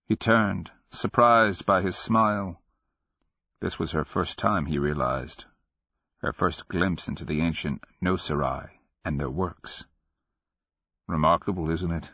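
A man narrating a fantasy audiobook in a measured, grave, steady reading, in a dry and slightly dull studio recording. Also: sits low, slightly rough, no echo. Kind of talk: scripted narration.

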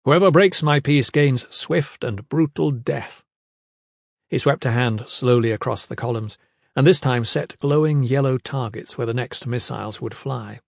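A male audiobook narrator with a mid-range voice, reading in a measured, dramatic manner. The recording is close and dry, with no room sound. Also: medium pitch, vocal fry, a little mellow, no echo. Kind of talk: scripted narration.

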